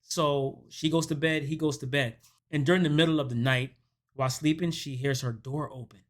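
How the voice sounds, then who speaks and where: This man, who runs a movie review channel, casually recaps a horror film and performs the characters' lines along the way. His voice sits fairly high and moves at a moderate pace, with lively storytelling that acts out the quoted dialogue.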